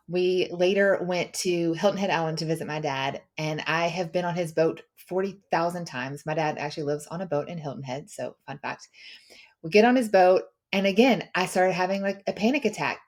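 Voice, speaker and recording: Chatty, animated woman podcast host. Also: lowish voice, moderate pace. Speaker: mother of daughters. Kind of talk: casual storytelling chat.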